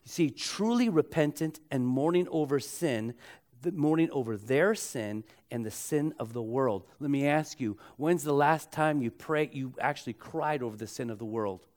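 A man preaching a sermon as pastor, emphatic and repeating key phrases, slowing down to stretch words and drawing the congregation into call-and-response. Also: mid-range voice, darkish tone.

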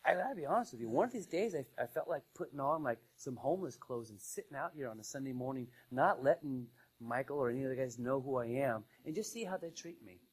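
A man preaching a sermon in a conversational style, rising to loud emphasis and dropping to quiet asides. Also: medium pitch, animated, fast, hardly any pauses, husky, poor audio. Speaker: pastor.

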